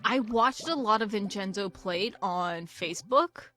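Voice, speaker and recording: With faint game music in the background, a young woman speaks at a measured pace in a medium-pitched, sharp voice, animated throughout. She hosts a gaming channel and offers casual let's-play commentary on a farming game, straying into profane, self-mocking tangents.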